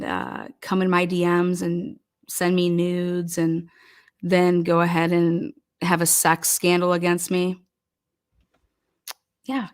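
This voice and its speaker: A woman hosting a live stream panel, telling an indignant, profane story and breaking into laughter. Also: lowish voice. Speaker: livestream panel host.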